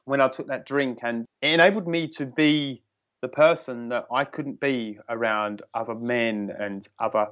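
A man's voice: medium pitch, a bit bright. English man, podcast guest, reflective and candid, starts over often, dull lo-fi call sound. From England. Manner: candid, reflective, halting restarts. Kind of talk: podcast interview.

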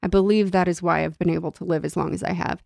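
Young woman, low voice, gravelly fry, dry close sound, casual book chat. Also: fast talker, no room sound. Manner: reads novel passages aloud, animated and laughing when chatting. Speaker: book club podcast co-host. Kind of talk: casual chat with read-aloud passages.

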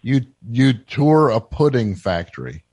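Deadpan halting male radio host. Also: medium pitch, husky, no room sound. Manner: dry, deadpan, halting questions. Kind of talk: casual call-in radio chat.

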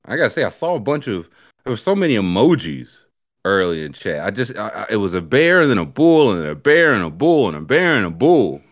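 A man's voice: lowish voice, big pitch swings, a little fast. A young man co-hosting a casual sports chat, joking and teasing in loose, playful banter. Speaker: podcast co-host.

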